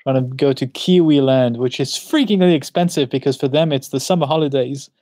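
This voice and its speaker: Guy with a background rattling off holiday plans fast, laughs a lot, dry close sound. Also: medium pitch, warm tone, dry recording. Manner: quick-talking, laughs often, self-deprecating. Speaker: podcast co-host. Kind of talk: casual chat.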